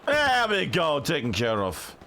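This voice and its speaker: Excitable high-voiced male game caster. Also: unhurried, background noise. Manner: chatty and excitable, many fillers. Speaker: esports caster. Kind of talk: live game commentary.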